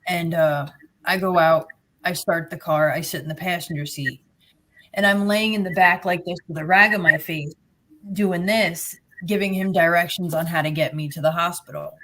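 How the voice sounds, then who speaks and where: A middle-aged woman from New Jersey, with a Jersey accent, tells her own story as a guest in a blunt, sarcastic, plain-spoken way. Her lowish voice is steady and fairly bright, at normal speed.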